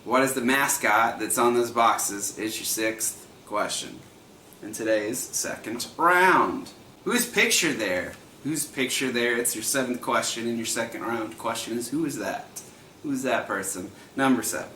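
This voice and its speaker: A man in his thirties hosts a livestreamed trivia night, chatting loosely, laughing often, and reading out and repeating each question at a measured pace. His mid-range voice has a bright, forward edge, heard in a slightly echoey room at home with a faint hum behind him.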